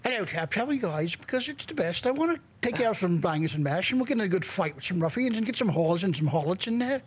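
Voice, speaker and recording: A man's voice: high-pitched, big pitch swings, fast talker, slightly rough, full character voice. A man doing a put-on, exaggerated English accent as a crude, rowdy bloke, talking in a blustering, over-the-top way. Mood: boisterous. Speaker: radio show regular.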